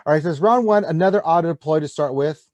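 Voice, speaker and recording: A man's voice: on the high side, quick pace, darkish tone, no room sound, lo-fi sound. A man co-hosting a casual gaming show, joking and teasing as he reads out viewers' notes. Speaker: co-host.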